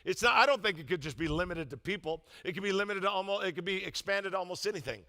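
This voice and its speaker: Older man, pastor; humorous sermon storyteller, strong bright voice. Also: high voice, quick pace, hardly any pauses. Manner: humorous storytelling, animated, loud emphatic bursts.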